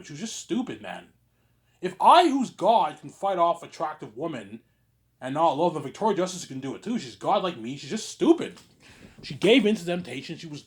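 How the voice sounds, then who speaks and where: A man in his thirties rambling through a personal monologue, stammering and repeating himself, dropping to a mutter and then rising to loud outbursts. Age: 30s. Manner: repetitive, stammering restarts, frequent "obviously"; swings between low muttering and loud outbursts. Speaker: vlogger.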